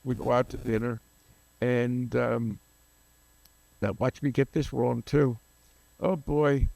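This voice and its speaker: A man's voice: mid-range voice, fairly even intonation, takes it slowly, gravelly, a little mellow, dry recording. An older man, a photographer guest, telling long rambling anecdotes in an interview, often losing names and restarting.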